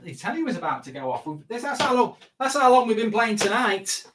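A man giving excitable, sweary live reaction commentary as a streamer, half talking to himself. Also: high voice, fairly quick, a little hiss or hum.

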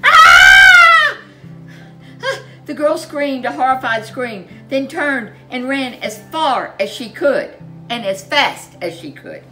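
A woman reading a children's storybook aloud as narrator, in an expressive, unhurried way. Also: sits high, over music.

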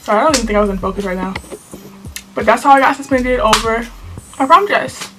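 A teenage girl telling a storytime vlog to her camera in an animated, sassy way, full of slang. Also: a little high, fast talker, over music. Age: teens. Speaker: vlogger.

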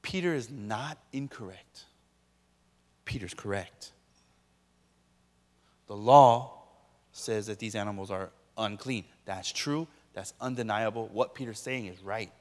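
A man's voice: on the low side, unhurried, long pauses, big-room sound. A man preaching a sermon as a pastor, emphatically questioning his listeners and repeating key points.

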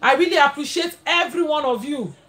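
A woman's voice: high-pitched, brisk. A Nigerian woman hosting a casual live stream, thanking viewers and blessing them. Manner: warm blessings, frequent laughter.

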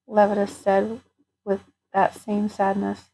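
A woman narrating a novel aloud at a steady, even pace. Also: mid-range voice, normal speed, rough recording. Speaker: audiobook reader.

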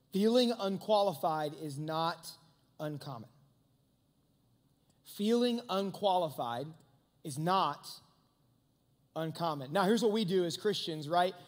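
Young male youth pastor, high voice, lively and conversational preaching, long reverb from a big hall. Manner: animated, conversational preaching with asides to the crowd. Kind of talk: youth sermon. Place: large hangar used as a church hall.

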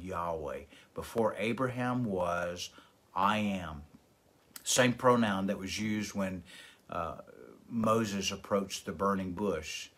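Man, pastor, daily devotional, earnest, emphatic, lowish voice. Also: fairly bright tone, slightly rough. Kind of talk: daily devotional Bible teaching.

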